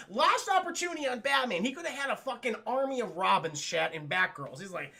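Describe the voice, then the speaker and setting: A man casually recapping a cartoon episode for his live chat, animated, profane and laughing often. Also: extremely high pitch, brisk, vocal fry, few pauses.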